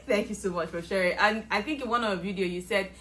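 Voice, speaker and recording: A woman's voice: mid-range voice, fast. A woman hosting an interview who asks questions, laughs often and encourages her guest. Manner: warm, laughs often, affirming. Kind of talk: casual interview chat.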